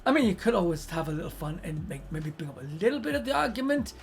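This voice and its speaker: Talking fast with vocal fry in a mid-range voice, this streamer hands out blunt, profanity-laden relationship advice during casual live-stream chat. They animatedly perform the quoted voices of the people involved, over soft background music.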